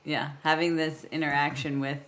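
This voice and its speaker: A woman co-hosting a podcast, recapping a film scene by scene in relaxed, conversational talk. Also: sits low, moderate pace. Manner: retells scenes animatedly, acting out characters' lines. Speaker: podcast co-host. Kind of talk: casual movie-review chat.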